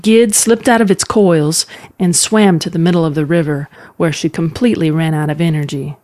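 Lower-voiced woman narrating a fantasy tale. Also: fairly even intonation, moderate pace, a little mellow. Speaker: story narrator.

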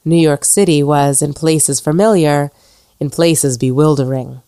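A woman narrates a short story in a measured, dramatic way. Her voice sits very low for a woman, and the recording is dry and close. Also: mellow, clear, resonant tone, dry recording. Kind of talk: scripted narration.

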